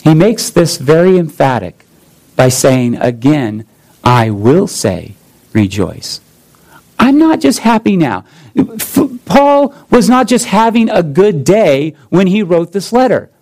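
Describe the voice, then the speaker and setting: A man in his thirties preaching a sermon as pastor, deliberate, with repeated phrases and rhetorical questions. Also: high-pitched, big pitch swings, a little mellow, poor audio.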